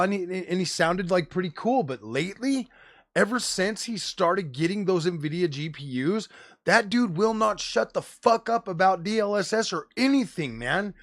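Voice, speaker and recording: Animated profane streamer, slangy rant. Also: male voice, high voice, normal speed, dry recording, clean studio sound. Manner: animated, profane, slangy with frequent "bro" and "dude". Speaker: tech streamer host. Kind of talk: casual live-stream rant.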